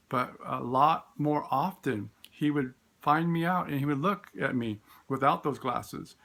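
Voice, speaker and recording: A man, a special education teacher, telling classroom stories in a relaxed, storytelling way. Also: fairly high pitch. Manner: warm storytelling, acts out voices in quotes; frequent fillers and restarts. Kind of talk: informal talk with classroom stories.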